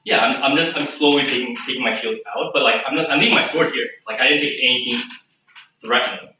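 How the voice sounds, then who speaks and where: Man as tabletop player, halting and animated, far off-mic, lo-fi. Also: mid-range voice, a little hiss or hum. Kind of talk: tabletop role-play. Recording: echoey, distant, dull room recording.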